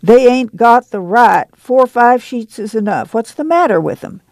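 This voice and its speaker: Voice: medium pitch, lively intonation, moderate pace, no room sound, pitched above the performer's own voice, close to an everyday voice. A reader voicing a stern middle-aged woman who runs a camp committee, scolding in a rural drawl. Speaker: reader doing character voices. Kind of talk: audiobook reading.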